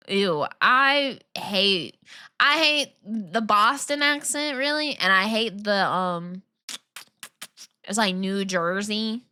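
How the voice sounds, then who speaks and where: A woman's voice: mid-range voice, slow, pushed and bright, clear, resonant tone. A woman streaming and chatting casually with her viewers, giggling often and teasing as she reads and answers the chat. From Long Island, New York.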